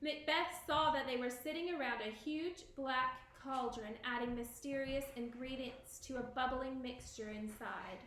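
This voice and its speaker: A woman teacher reading a story aloud to a class, expressive, stopping to ask questions. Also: high-pitched, measured pace, few pauses, roomy sound, slight background noise.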